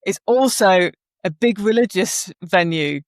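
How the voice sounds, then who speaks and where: A woman co-hosting a podcast chats casually, telling stories in an easygoing, curious way and thinking out loud. Her mid-range voice is expressive and unhurried, and the studio-quality audio has no echo.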